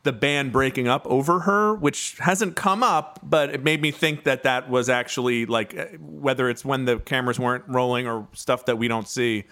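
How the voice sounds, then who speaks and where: A man's voice: mid-range voice, moderate pace, hardly any pauses, bright, forceful tone. A man guest on a podcast, chatting casually in a thoughtful, hedging way. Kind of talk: casual chat.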